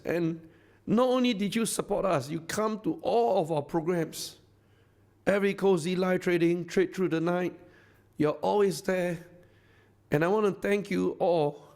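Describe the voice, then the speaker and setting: A man's voice: sits high, a little slow, creaky, pauses often, a little mellow. A man with a Singaporean English accent, a company founder giving an effusive, repetitive live stage speech that rallies the crowd. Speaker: company founder addressing a masterclass audience.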